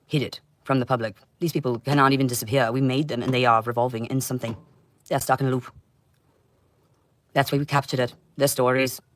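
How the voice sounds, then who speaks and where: A woman delivering an intense, rambling livestream monologue, swinging between loud outbursts and low muttering. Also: steady tone, fast, a little hiss or hum. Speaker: livestream host.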